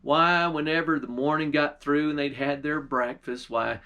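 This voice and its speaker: A male pastor spins a folk tale in a drawling, folksy manner. His voice sits a little on the high side for a man, and he lingers on his words. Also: fairly even intonation, normal speed, sharp tone, lo-fi sound.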